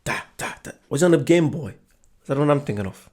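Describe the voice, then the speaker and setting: A man's voice: fairly high pitch, animated, quick pace, darkish tone, a little hiss or hum. A man hosting a reaction video, chatting casually to his viewers. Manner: chatty, reacts with short interjections. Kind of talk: casual chat.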